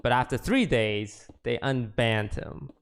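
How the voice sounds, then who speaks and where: A man's voice: medium pitch, expressive, slow pace, gravelly, smooth. A man hosting a casual group chat, steering topics and asking the others questions. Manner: moderates topics, asks questions. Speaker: podcast host.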